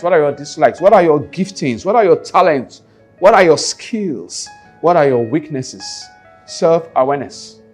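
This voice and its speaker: A man with a Nigerian accent, a life skills coach giving a motivational teaching talk, repeating key phrases and putting rhetorical questions to his listeners. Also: fairly high pitch. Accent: Nigerian English.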